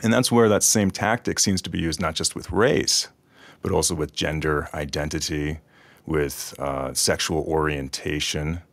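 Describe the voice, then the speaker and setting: A man hosting an interview, asking long questions in a hesitant, halting way. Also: very deep voice, steady tone, vocal fry, fairly bright tone, no room sound. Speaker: interview host. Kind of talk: conversational interview.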